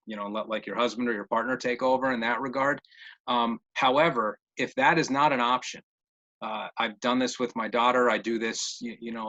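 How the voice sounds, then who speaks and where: A man talks through questions in a relaxed webinar, his voice bright and forward. He restarts phrases and doubles words as he works out his answers. The call audio is slightly dull and muffled. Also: medium pitch. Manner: repeats words while thinking, many fillers. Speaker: behavior interventionist answering questions. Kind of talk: casual webinar Q&A.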